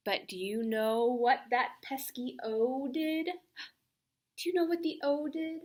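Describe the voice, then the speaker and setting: Woman, children's librarian, storytime reader; high voice, animated, quizzes the kids. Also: slow. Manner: animated, coaxing young listeners with questions.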